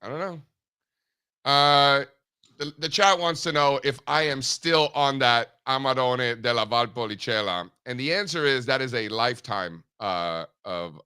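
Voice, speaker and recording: A man hosting a live market show, brash and animated, swearing casually as he chats. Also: mid-range voice, clear, resonant tone. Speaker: host. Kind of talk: casual livestream chat.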